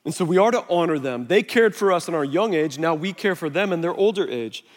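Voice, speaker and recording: A middle-aged man, a pastor on a body mic, preaching a sermon in a relaxed, conversational way and telling stories against himself. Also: a little high, a little fast. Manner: conversational, self-deprecating storytelling. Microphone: wireless body mic. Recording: long hall reverb.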